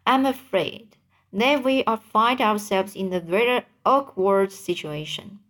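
A woman voicing an old male grasshopper who speaks in a measured, reassuring way. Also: medium pitch, fairly bright tone, lightly acted. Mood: calm. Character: old green male grasshopper, calm elder.

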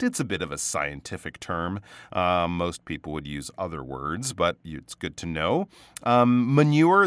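A male pronunciation teacher talks through a casual lesson in a fairly low voice. He is patient and repeats each word slowly to model it. The sound is dry and close, with no room around him. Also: a bit bright, no room sound. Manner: patient, explains words slowly and repeats them.

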